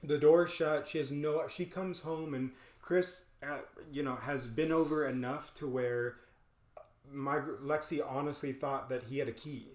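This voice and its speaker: Man telling a funny story, laughs a lot, slightly high voice, echoey room. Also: unhurried. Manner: animated storyteller, laughs often, acts out quoted lines. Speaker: podcast co-host. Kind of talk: casual storytelling chat.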